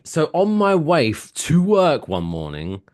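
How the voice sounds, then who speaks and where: Animated man with lively pitch. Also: unhurried. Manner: animated storyteller, loud bursts of excitement. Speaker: podcast co-host. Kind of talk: casual chat.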